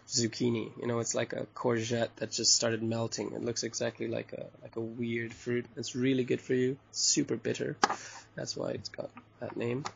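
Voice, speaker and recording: A relaxed man from Bali chats loosely as an interview guest, his voice gravelly and a little husky, chuckling between thoughts. The recording sounds dull and lo-fi. He wanders through his sentences with plenty of fillers. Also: medium pitch. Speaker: hostel owner and interview guest. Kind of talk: casual chat interview.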